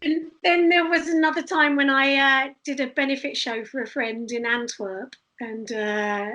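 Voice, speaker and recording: A woman, a street performer, telling lively stories with frequent laughter in a casual interview. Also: high-pitched, moderate pace, low-quality recording. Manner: animated, laughing storyteller.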